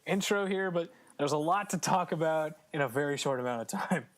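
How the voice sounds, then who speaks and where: Chatty joking man, slightly high voice. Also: a little fast. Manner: chatty, joking, many fillers. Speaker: podcast co-host. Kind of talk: casual chat.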